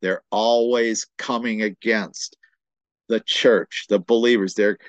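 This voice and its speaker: A man's voice: lowish voice, a bit bright, no echo. A man preaching a sermon, emphatic and repetitive, quoting scripture and often restarting his phrases.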